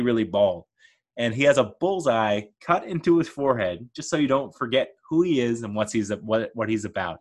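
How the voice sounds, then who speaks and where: Laughing, animated man ranting about a film. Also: medium pitch. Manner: animated, laughs often, playful mock voices. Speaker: podcast host reviewing a film. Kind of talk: casual enthusiastic film rant.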